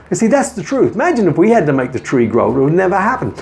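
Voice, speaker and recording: An earnest man talks straight to camera with encouraging motivational advice for his viewers. His pitch moves a lot as he leans into each point. He restarts words now and then and calls the audience his friends. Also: sing-song, fast, gravelly, hardly any pauses. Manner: repeats himself with small restarts. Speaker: artist giving business advice, host of a daily video show.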